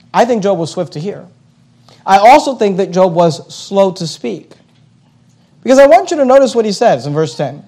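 A male preacher giving a sermon, emphatic and repetitive, his voice climbing to loud high peaks. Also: animated, normal speed.

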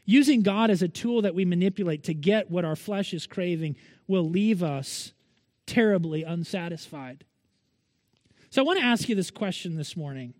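High-voiced man preaching a sermon. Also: normal speed, darkish tone, no room sound, in a large hall. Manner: earnest, with repeated rhetorical questions. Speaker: pastor.

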